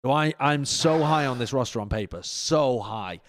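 A man's voice: medium pitch, animated, moderate pace, slight background noise. Opinionated male esports panelist, casual and slangy. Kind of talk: casual esports analysis chat.

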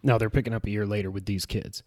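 A man's voice: lowish voice, fast. A man in casual chat, recapping a show and acting out its scenes in a raised voice. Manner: animated retelling, acts out scenes in a raised voice.

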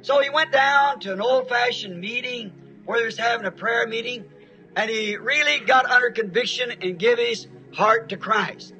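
A preacher delivers a sermon in a very high, bright voice, spinning a folksy story and bursting into emphatic shouts now and then. Faint music plays in the background. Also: male voice, moderate pace, lo-fi sound.

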